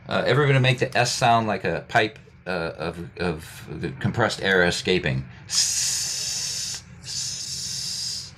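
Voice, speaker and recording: A man, a poet and writing teacher, leading a workshop on a video call, speaking thoughtfully with many fillers and restarts and demonstrating sounds slowly. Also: low-pitched, fairly bright tone, a little hiss or hum. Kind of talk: guest talk leading a workshop.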